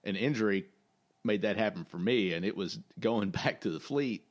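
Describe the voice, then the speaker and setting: Low-voiced middle-aged podcast co-host. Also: male voice, moderate pace, muffled recording. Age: 40s. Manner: brief agreeing replies, laughs along. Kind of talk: casual chat.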